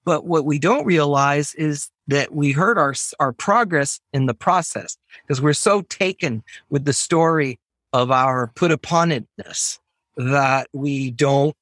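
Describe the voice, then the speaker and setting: An American man, a professor, talking in a casual interview with animated, emphatic, digressive speech. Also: a little high, unhurried, no echo, clean studio sound. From United States. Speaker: professor, podcast guest.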